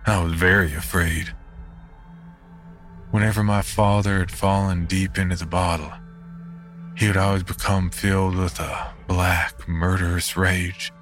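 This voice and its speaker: Deep-voiced man narrating horror. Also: level tone, fairly bright tone. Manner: measured, grim storytelling. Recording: narration over background music.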